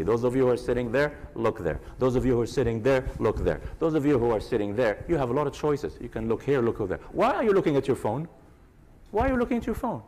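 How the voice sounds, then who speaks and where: A man giving a live trading seminar to an audience, animated and teasing, calling out to the crowd directly. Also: medium pitch, low-quality recording. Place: conference hall with a live audience.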